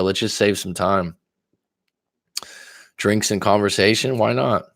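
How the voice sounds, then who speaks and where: On a livestream, a man with a fairly low voice talks casually as a dating coach, answering viewer comments one after another. He tells stories candidly and bluntly, swearing now and then. The sound is dry and close, with no room echo. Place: lives in Thailand.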